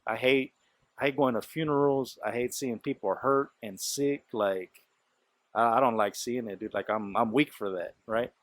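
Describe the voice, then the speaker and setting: A man's voice: mid-range voice, fairly even intonation, moderate pace, no echo. A man hosting a podcast, telling a story in loose casual talk, full of swearing, fillers and quoted speech. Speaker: podcast host.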